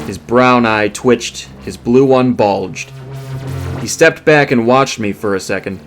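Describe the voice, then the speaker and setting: A man reads his own short story aloud in earnest first person, in a voice of middle pitch. Soft music plays quietly under the narration. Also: slow. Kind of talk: audiobook narration.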